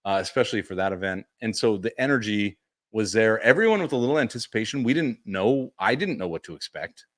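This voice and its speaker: A man co-hosting a podcast, chatting casually and telling convention stories, acting out what people said with big jumps in his voice. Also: brisk. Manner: animated storyteller, acts out quotes with big pitch jumps. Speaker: podcast co-host. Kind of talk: casual chat recap.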